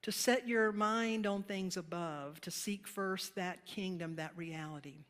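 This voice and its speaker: A woman's voice: medium pitch, unhurried, fairly bright tone. A woman pastor giving a sermon in a conversational, storytelling manner, laughing now and then with her congregation. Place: church sanctuary. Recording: reverberant sanctuary hall.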